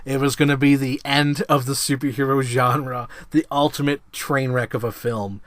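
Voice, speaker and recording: A man hosting his own vlog, reviewing a film in a casual, excitable monologue, swearing freely and acting out scenes. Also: mid-range voice, normal speed, no echo. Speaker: movie reviewer, host.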